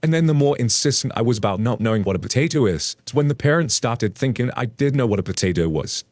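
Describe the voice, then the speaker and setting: A man reads a story aloud into a close mic, his mid-pitched voice animated and full of playful asides. The sound is dry and close, with no room around it. Between stories he slips into easy, casual commentary for his listeners. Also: fast, no room sound. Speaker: story narrator.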